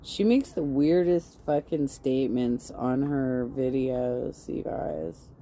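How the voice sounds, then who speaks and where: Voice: medium pitch, takes it slowly, dark tone, slight background noise. A commentator doing casual reaction talk, blunt and mocking. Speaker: commentary streamer.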